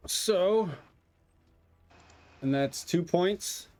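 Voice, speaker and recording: A man running a tabletop war game as game master, giving rulings at an unhurried, measured pace over an online call. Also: high-pitched, lively intonation, a little mellow.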